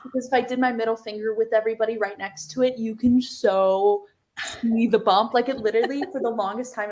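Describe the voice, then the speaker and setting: A young woman guest on a video call, telling a story in a lively, giggly way full of fillers. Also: a little high, fairly quick. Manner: animated, giggly, lots of "like". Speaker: interview guest, singer. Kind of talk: casual interview storytelling.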